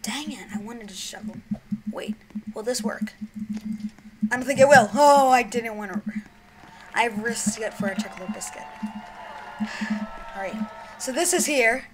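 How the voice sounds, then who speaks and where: A young woman giving gameplay commentary on her own channel, excitable, shrieking and giggling, then dropping to mumbled whispers. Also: on the high side, a little slow, pauses often, a little hiss or hum, low-quality recording. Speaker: gaming YouTuber.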